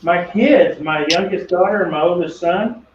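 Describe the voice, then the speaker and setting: Working in his echoey home workshop, a middle-aged woodworking channel host with a slightly high voice chats casually at a moderate pace, wandering into rambling, self-deprecating stories. He sounds far from the mic, and the muffled, dull audio carries a faint steady hum.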